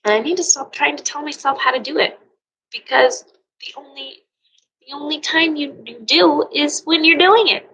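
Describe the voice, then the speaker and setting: A woman yoga teacher giving an earnest, emotional motivational talk, sometimes dropping into soft near-whispers. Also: high voice, moderate pace, rough recording. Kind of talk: personal motivational monologue.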